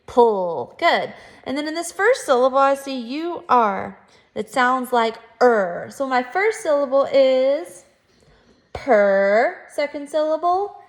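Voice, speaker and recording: Slow, clear-spoken woman teaching phonics. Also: high-pitched. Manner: slow, clear and encouraging, stretching out words and syllables. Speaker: first grade teacher. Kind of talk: phonics lesson for young children.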